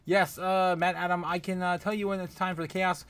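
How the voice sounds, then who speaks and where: A man's voice: high-pitched, little pitch movement, a little fast, a bit bright, clean tone. A man hosting a casual livestream, greeting viewers by name, laughing often and rambling with lots of fillers. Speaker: livestream host. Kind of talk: casual livestream chat reading viewer comments.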